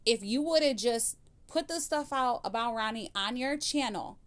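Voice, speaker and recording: A woman's voice: fairly high pitch, moderate pace, a bit bright, smooth. A woman hosting a reaction commentary channel, blunt and scolding, swearing freely as she answers clips.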